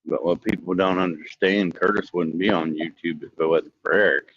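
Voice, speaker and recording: A man's voice: low voice, fairly even intonation, moderate pace, a little hiss or hum. A man co-hosting a casual chat, blunt and grumbling, with a self-deprecating streak. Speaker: co-host. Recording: dull lo-fi sound.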